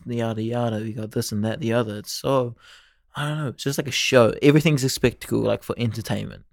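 A young man in casual, animated banter with a friend. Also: mid-range voice, fast, gravelly, dry recording, studio quality. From New Zealand. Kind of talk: casual chat.

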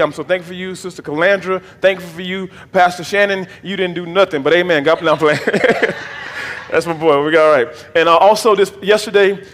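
A man's voice: high voice, a bit bright, big-room sound. A man, the bishop of his church, preaching a sermon with call-and-response and folksy jokes to the congregation. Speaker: pastor, bishop. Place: church sanctuary.

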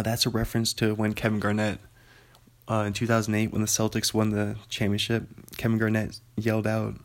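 Gravelly-voiced man reading aloud casually. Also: on the low side. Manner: relaxed, self-interrupting with ums and asides. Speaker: vlogger reading his own writing.

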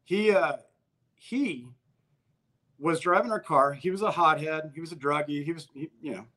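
A man with a slightly high voice tells a story in a relaxed conversation. He is blunt and swears freely. He often breaks into the voices of the people in the story. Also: moderate pace. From Albuquerque, New Mexico. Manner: profane, blunt, acts out quoted exchanges.

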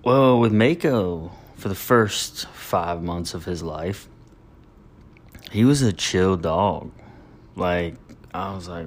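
A man's voice: low-pitched, slow pace, long pauses. A man in his thirties hosting his own podcast, talking loosely and jokingly in a rambling, chatty way. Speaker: podcast host. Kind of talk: casual solo podcast talk.

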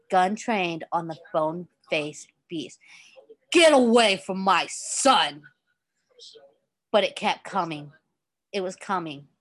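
A woman with a somewhat low voice reads a story aloud in a casual, unpolished way, occasionally stumbling and quickly correcting herself.

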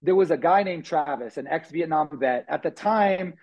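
Guy with a kinda husky voice, a bit high, chatting fast about his past with lots of "like". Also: muffled recording. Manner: animated, acts out quotes, many "like" fillers. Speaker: podcast guest. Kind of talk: casual storytelling interview.

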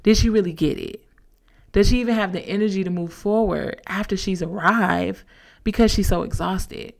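A young woman hosting a podcast, telling a story in a chatty, animated way with casual slang. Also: mid-range voice, normal speed, vocal fry. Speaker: podcast host. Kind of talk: casual motivational talk.

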